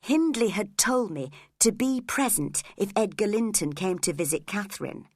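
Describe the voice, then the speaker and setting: A woman narrating a graded story for English learners, clear, expressive and deliberate. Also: mid-range voice, dry recording, clean studio sound.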